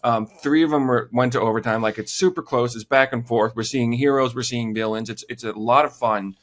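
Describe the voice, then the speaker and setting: In a casual sports chat, a man co-hosting a hockey podcast discusses playoff goaltending in a measured, conversational tone. His voice has an ordinary middle pitch.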